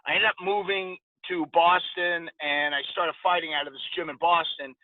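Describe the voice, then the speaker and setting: A man in his forties, a podcast guest, casually telling lively stories and acting out the dialogue. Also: fairly high pitch, normal speed, dry recording. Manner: animated anecdote-telling with quoted dialogue. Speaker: podcast guest, former boxer. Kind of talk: casual storytelling interview. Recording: dry, tinny phone-like sound.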